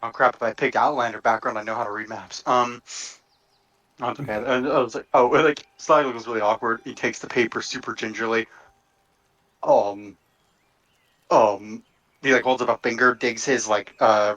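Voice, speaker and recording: A man's voice: medium pitch, fairly even intonation, moderate pace, fairly bright tone. A man playing a tabletop game, chatting casually and describing his character. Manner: chatty, laughs and trails off. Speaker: player.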